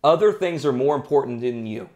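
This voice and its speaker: A man's voice: medium pitch, lively intonation, fairly quick, a little mellow. A man hosting a podcast who gives an earnest, emphatic motivational talk and tells anecdotes. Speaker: podcast host.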